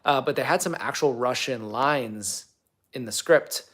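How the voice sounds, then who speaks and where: A man's voice: medium pitch, a little slow, a bit bright. A young man hosting a casual livestream, answering viewer comments in a rambling, chatty way full of fillers. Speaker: livestream host and actor.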